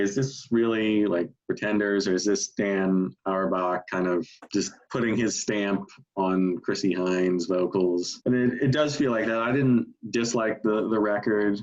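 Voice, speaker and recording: A relaxed man gives his take on records with easy, self-mocking humor. His voice sits low. The recording sounds dull and lo-fi. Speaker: co-host ranking albums. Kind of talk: casual review chat.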